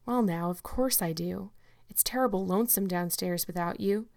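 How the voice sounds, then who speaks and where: Shy elderly farmer, voiced by a woman narrator: soft, hushed, hesitant, gentle. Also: fairly low pitch, normal speed, natural voice. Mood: coaxing.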